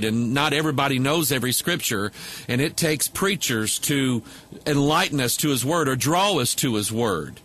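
A man's voice: mid-range voice, a bit bright, slight background noise. A man preaching to a camera microphone, talking loosely with many fillers and restarts. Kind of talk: casual video commentary.

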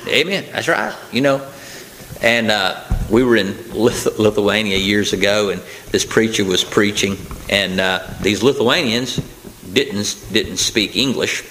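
A man's voice: on the low side, fairly bright tone, slight background noise, rough recording. A man preaching a sermon, his voice rising to emphatic preaching at key points, with fillers and restarts.

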